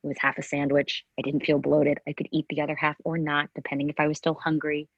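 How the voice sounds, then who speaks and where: A woman's voice: deep voice, little pitch movement, quick pace, husky, no echo, muffled recording. A middle-aged woman in a candid interview, speaking earnestly with many restarts and acting out quotes from her past. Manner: earnest, tumbling restarts, acts out remembered quotes. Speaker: guest.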